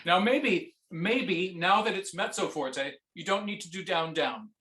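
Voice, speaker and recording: A man coaching a viola student in a masterclass, singing phrases on nonsense syllables and asking gentle questions. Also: high-pitched, expressive, a little slow, reverberant, faint music behind.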